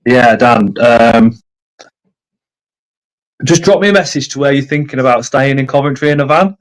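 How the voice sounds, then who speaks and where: On a casual livestream, a man with a medium-pitched voice talks at a moderate pace, teasing himself and reading viewer comments aloud. He uses a streaming setup, and the recording sounds rough.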